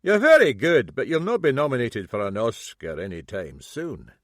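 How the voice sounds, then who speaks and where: A man's voice: mid-range voice, big pitch swings, no room sound, clean studio sound, close to an everyday voice. A man doing a sly Scottish detective. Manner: slow, needling, toying. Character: shrewd middle-aged male Scottish detective.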